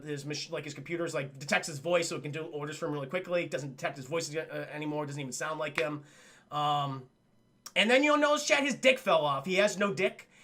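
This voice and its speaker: A young man casually recapping a film for his livestream chat, swearing freely and acting out the scenes in quick voices. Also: a little high, gravelly, fairly bright tone. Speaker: streamer reviewing a film.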